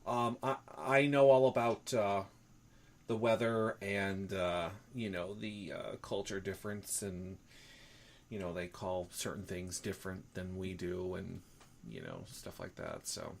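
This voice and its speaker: Lively-pitched rambling male host. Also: unhurried, gravelly, a little hiss or hum. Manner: rambling, hesitant, lots of fillers and laughs. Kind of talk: casual chat.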